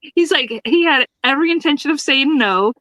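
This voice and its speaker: A woman's voice: high-pitched, expressive, fairly quick, bright, forceful tone, no room sound, poor audio. A woman co-hosting a podcast, retelling a sitcom episode in casual chat, acting out the characters' lines and laughing often. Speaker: podcast co-host reviewing a sitcom.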